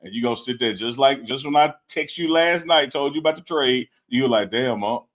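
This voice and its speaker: On a live-streamed sports talk show, this co-host speaks a little quickly in a mid-range, fairly bright voice. He ribs his partner during the casual debate and hammers his points by saying them again.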